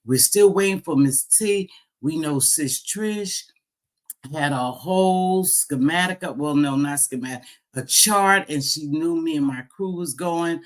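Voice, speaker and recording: A woman's voice: sits low, measured pace. Woman hosting a teasing live chat. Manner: playful teasing, exclaiming to viewers. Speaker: livestream host.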